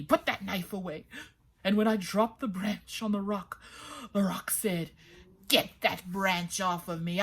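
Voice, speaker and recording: A woman doing an excited village man, loud and urgent. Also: sits high. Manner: breathless, urgent retelling. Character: excited male villager with a talking yam.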